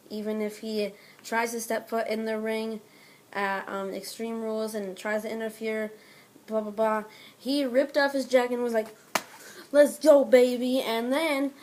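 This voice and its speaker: A woman with a somewhat high voice chats through a recap of a wrestling show. She rambles along, filling gaps with "um" and waving off details with "blah, blah." Her tone is casual and unscripted. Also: slight background noise. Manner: rambling, frequent "um" and "blah, blah" asides. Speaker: wrestling reaction vlogger.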